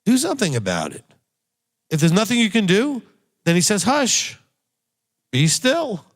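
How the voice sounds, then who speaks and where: A man's voice: high-pitched, wildly swooping pitch, a little fast. A man, a rabbi, giving a sermon with blunt, emphatic exhortation and repeated key phrases. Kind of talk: recorded sermon teaching.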